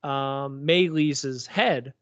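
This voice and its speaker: A man's voice: mid-range voice, extremely slow, fairly bright tone, no room sound. A man co-hosting a podcast, chatting casually about a TV episode, rambling with lots of fillers. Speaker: podcast co-host. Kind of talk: casual TV recap chat. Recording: dull lo-fi recording.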